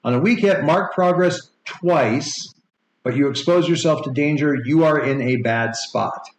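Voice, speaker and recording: A game master in his forties runs a tabletop game, rambling through rule explanations packed with fillers. He speaks unhurriedly in a fairly high voice, and the room is echoey with faint noise.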